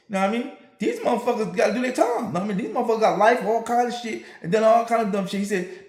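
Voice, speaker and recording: Man, podcast host, high voice, very animated pitch, profane and blunt, echoey room. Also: brisk. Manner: profane, blunt, emphatic, keeps asking "right?". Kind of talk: casual monologue to listeners.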